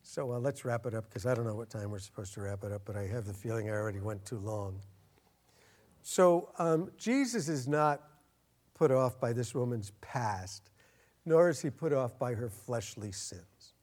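A man preaching a sermon as a pastor, earnest, getting louder and slowing down to stress his points. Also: medium pitch, expressive. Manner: earnest, swells louder and slows down for emphasis.

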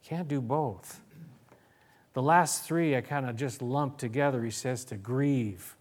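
A man's voice: medium pitch, measured pace. A man preaching a sermon as pastor, earnest, reading scripture aloud and often restarting his phrases.

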